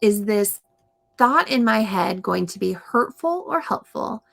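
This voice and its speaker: A woman reading aloud and explaining to young children in a slow, gentle teaching manner. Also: medium pitch, animated, vocal fry. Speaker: storytime reader and teacher.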